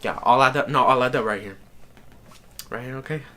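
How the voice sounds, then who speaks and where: A man's voice: mid-range voice, a little fast, bright, forceful tone. A young man telling a travel story in a casual vlog, chatty and profane, with lots of "like" fillers. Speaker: vlogger.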